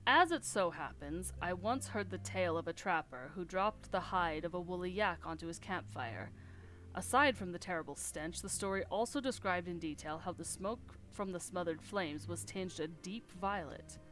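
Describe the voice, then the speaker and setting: A woman's voice: fairly low pitch, animated, normal speed, a bit bright. Woman reading a formal young noble scholar. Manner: formal, old-fashioned phrasing. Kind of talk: reading game dialogue aloud.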